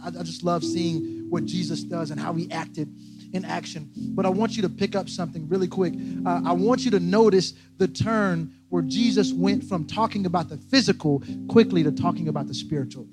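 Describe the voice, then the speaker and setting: A young pastor with a high voice preaches briskly in a casual, humorous sermon, joking, laughing at himself and repeating phrases. It's a church service in a large room, with loud guitar music behind him.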